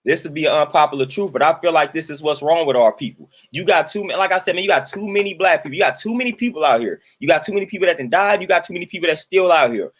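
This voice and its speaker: A man's voice: fairly high pitch, quick pace, hardly any pauses, fairly bright tone. A man, commenting in a casual monologue and preaching his point through repetition.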